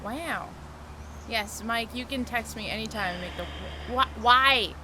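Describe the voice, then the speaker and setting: A woman's voice: on the high side, measured pace, background noise. A woman co-hosting a live stream, giggling and reacting in disbelief to a video. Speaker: co-host, host's wife. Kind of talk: casual live-stream chat.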